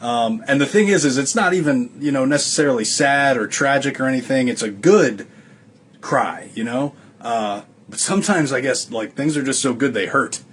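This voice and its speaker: A man talking in a halting, heartfelt way, with many fillers. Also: medium pitch, fairly bright tone, a little hiss or hum. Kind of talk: casual reflective talk.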